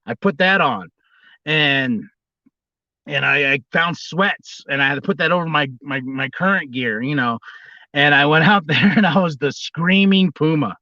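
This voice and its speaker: Rambling wrestler man on a bright voice. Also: normal speed, no room sound, dull audio. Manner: rambling, restarts, bursts into high squealing impressions. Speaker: livestream host, former wrestler. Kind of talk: casual storytelling livestream.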